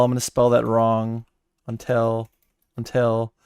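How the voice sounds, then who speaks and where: A man's voice: medium pitch, monotone, moderate pace, creaky, a little mellow, clean tone, no echo, studio quality. A man hosting a casual reaction stream, rambling and incredulous, swearing freely. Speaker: streamer host.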